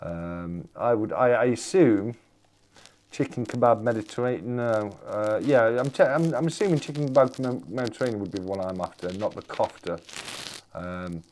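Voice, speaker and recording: A man's voice: lowish voice, moderate pace, darkish tone. A British man hosting a live stream, chatting casually and joking with viewers in rambling banter. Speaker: livestream host reading chat.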